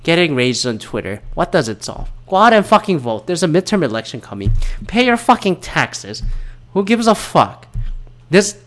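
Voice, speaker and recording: A man's voice: fairly high pitch, normal speed. Profane ranting young man. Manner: profane, animated ranting with sudden loud bursts and mumbled asides. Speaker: vlogger reacting to news. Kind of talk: casual ranting commentary.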